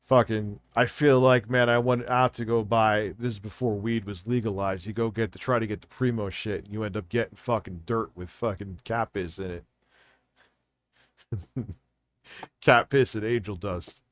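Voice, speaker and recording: A man's voice: fairly low pitch, fairly even intonation, moderate pace, no room sound. A man reacting to videos on a live stream, ranting bluntly and swearing a lot. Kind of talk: casual live-stream commentary.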